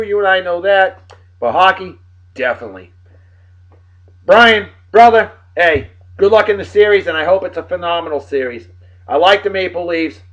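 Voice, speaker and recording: Man, animated and rowdy vlog host, swinging pitch, dull low-fi audio. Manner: boisterous, swearing banter. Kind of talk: casual shout-outs to friends. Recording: dull lo-fi recording.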